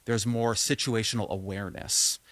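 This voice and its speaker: A man hosting an interview, asking measured, probing questions. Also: fairly low pitch, steady tone, fairly bright tone, no room sound. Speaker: interview host. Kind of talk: interview conversation.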